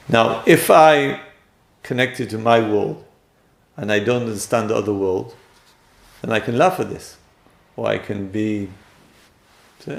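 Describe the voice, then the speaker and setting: Man, gravelly voice, echoey room, lecture on relationships. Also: lowish voice, normal speed, pauses often. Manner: acts out quoted speakers with sudden loud jumps. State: voice a bit strained. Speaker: teacher.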